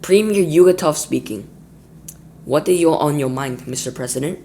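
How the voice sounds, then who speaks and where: A man voicing a calm male premier speaking on a phone in a storybook, formal and measured. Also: on the high side, slight background noise, lightly acted.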